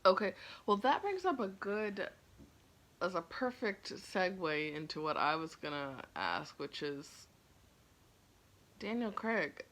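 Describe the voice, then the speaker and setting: Wry teasing woman, thirties, animated bright voice, casual co-host. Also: mid-range voice, takes it slowly. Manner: wry, teasing, deadpan jokes. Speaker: podcast co-host. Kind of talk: casual chat.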